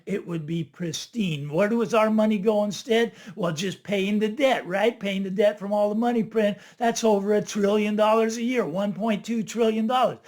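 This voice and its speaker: A man hosting his own finance channel, talking to camera in a casual, animated monologue and tagging his points with "right?". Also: sits high, normal speed, few pauses. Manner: animated, chatty, keeps asking "right?". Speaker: finance video host.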